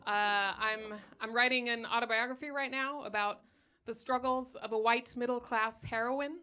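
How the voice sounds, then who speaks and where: A young woman from Germany doing stand-up on a comedy stage, sardonic and chatty, padding her lines with ums and likes. Her voice is bright and forceful and sits a little high. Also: fairly even intonation, moderate pace, clear, resonant tone. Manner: sardonic, chatty, many ums and likes, laughs at own jokes. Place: comedy stage before a live audience.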